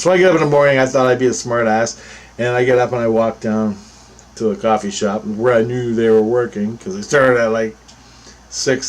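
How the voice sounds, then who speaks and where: A man with a mid-range voice tells a story casually, rambling and restarting, swearing freely and often laughing. He's a storyteller vlogger, and there's slight background noise.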